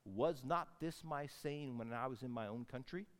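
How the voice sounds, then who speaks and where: A man preaching a sermon, telling a Bible story with animated swings between loud outbursts and hushed asides. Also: medium pitch, normal speed, in a large hall. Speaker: pastor.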